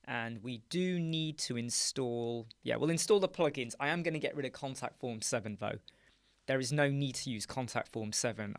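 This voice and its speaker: A man hosts a casual live stream, talking to viewers while muttering asides as he works. His voice has a gravelly edge at a middling pitch. The sound is dry and close, with no room echo. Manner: chatty, muttering asides while working on screen. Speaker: live stream host, web designer. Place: dark home studio with soundproof panels.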